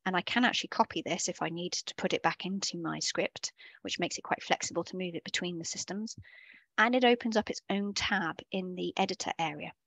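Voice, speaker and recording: A woman's voice: lowish voice, a little fast, vocal fry, a bit bright, dry recording. Chatty woman teaching a coding workshop. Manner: chatty, explanatory, often self-correcting. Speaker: workshop instructor. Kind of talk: live online coding workshop.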